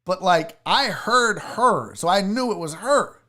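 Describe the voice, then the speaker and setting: Animated man telling a spooky story. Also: high voice, measured pace. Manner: animated storyteller who swears casually. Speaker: sports show host. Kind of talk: casual livestream storytelling.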